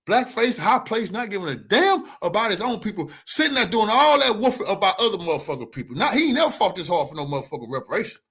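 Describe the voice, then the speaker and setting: Fired up guy ranting on his news channel, cussing a lot, bright husky voice. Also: high-pitched, very animated, quick pace, few pauses. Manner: angry, profane, preachy. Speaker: online news commentator. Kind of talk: heated commentary rant.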